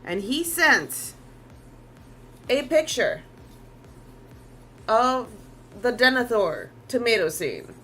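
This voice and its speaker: A woman's voice: a little high, very animated, slow pace, long pauses, bright, forceful tone, a little hiss or hum. Chatty woman artist rambling while drawing. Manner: rambling and chatty, with casual swearing and many restarts. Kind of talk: casual live-stream chat.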